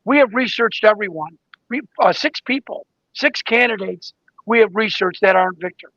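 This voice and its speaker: Male guest investigator with a very high voice, a lively storyteller, dry and slightly muffled sound. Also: moderate pace, no room sound. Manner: excited storyteller, acts out quoted exchanges. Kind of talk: animated interview talk.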